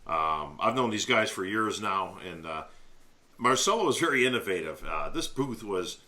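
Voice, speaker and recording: A man's voice: on the low side, expressive, moderate pace, pushed and bright. A man co-hosting a podcast, talking casually and laid-back, often saying "bro". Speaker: podcast co-host. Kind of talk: casual chat.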